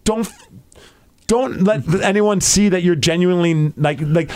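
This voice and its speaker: A young man hosts a casual podcast, telling a story with excited, rambling energy. He pads his sentences with "like". His voice sits a bit higher than most men's. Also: measured pace. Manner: excited, rambling, heavy use of "like". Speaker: podcast host.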